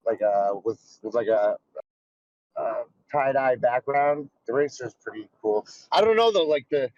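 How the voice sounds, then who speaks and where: An American man calling in while driving, talking in a casual chat, animated and stumbling. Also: mid-range voice, a little slow, no echo, lo-fi sound. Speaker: caller from the audience.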